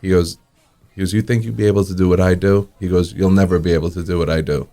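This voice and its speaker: Deep-voiced New man telling stories. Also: fairly even intonation, fast, warm tone. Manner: acts out quoted dialogue in anecdotes, chuckles often. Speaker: restaurant owner, interview guest. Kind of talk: casual storytelling in an interview.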